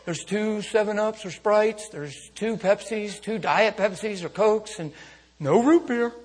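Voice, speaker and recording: Male preacher, high husky voice, animated storytelling sermon, laughs and shouts, long hall reverb. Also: a little slow. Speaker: traveling preacher.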